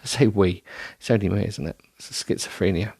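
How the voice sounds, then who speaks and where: Tired, rambling low-voiced man. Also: steady tone, fairly quick, vocal fry, a little mellow, slightly rough, no room sound. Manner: self-deprecating, rambling with many ums and restarts. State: tired, yawning. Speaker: solo podcast host. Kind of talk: rambling casual monologue.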